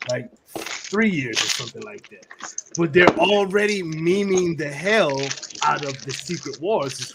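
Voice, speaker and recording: A man's voice: on the high side, background noise. Laid-back slangy male podcast host. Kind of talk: casual group chat.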